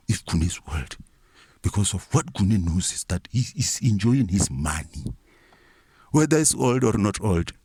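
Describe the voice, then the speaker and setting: Low-voiced South African man ranting comically. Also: a little mellow, dry recording. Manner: rambling, profane, mock-preachy. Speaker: comic storyteller. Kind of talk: comic rant monologue.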